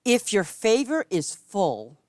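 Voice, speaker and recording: Chatting casually with viewers as she plays, a woman game streamer rambles and keeps repeating "I'm just saying." She speaks slowly, swinging lively between loud greetings and quiet asides, sometimes whispering, with big shifts in pitch and loudness. The recording is dry and studio-clean.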